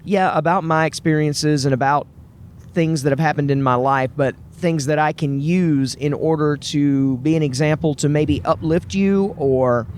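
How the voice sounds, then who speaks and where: A man with a Southern US accent talks straight to his listeners in a solo podcast monologue. His voice sits a little high for a man, and his delivery is earnest, upbeat and chatty. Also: normal speed, darkish tone, slight background noise. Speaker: podcast host.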